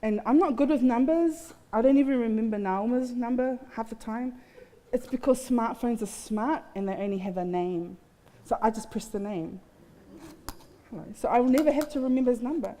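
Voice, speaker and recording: A woman's voice: on the high side, normal speed, dark tone. A woman giving a candid, heartfelt personal testimony with touches of self-mocking humor at a festival. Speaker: guest speaker. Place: festival stage in a large hall. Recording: long hall reverb.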